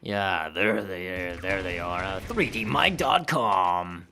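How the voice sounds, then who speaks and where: Gamer man, slow gravelly drawl, mumbled swearing, bright tone, light hiss. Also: low-pitched, animated. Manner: drawling, profane, mumbling asides. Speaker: gaming youtuber. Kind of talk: casual gameplay commentary.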